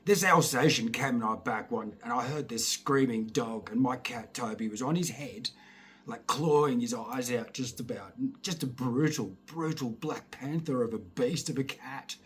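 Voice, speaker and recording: A middle-aged Scottish man telling childhood stories in a casual, lively way, acting out voices and swearing now and then. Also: medium pitch, normal speed, husky. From Scotland. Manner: lively, laughing, swears, acts out voices and sounds. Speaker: storyteller. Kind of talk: casual anecdotal storytelling.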